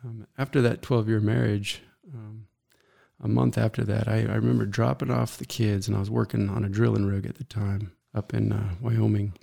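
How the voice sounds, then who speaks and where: A middle-aged man telling his own story as an interview guest, earnest and halting, often pausing to reflect. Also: lowish voice, level tone, gravelly, dark tone.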